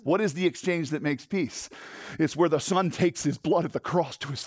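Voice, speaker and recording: A male pastor preaching a sermon in an animated way, often restarting and repeating words and putting questions to his listeners. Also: a little high, moderate pace, husky, no room sound, clean studio sound. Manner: rhetorical questions to the congregation.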